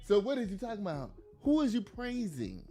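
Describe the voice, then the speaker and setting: A man's voice: high voice, sing-song, a little fast, warm tone, soft background music. A man giving blunt, profane, emphatic political commentary to his audience, laughing at his own jokes. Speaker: commentary host.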